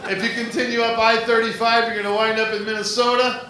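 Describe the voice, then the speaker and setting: A man doing a stand-up comedy set on a theater stage, chatty and jokey, slipping into quick voice impressions. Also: very high voice, level tone, very noisy. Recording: very echoey live club recording, loud crowd. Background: audience laughter.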